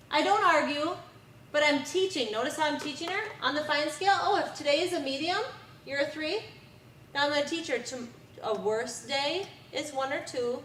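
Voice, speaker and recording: A middle-aged woman presents on bully prevention to a community group of parents, speaking earnestly, repeating her key advice and saying "um" often. Her voice is high and fairly bright. She is recorded from a distance in an echoey room, with light background noise.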